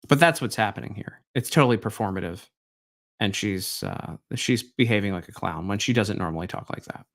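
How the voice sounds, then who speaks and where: A man's voice: on the low side, fairly quick, a bit bright. A man hosting a live stream, reacting to clips in a rambling, incredulous way. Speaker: host.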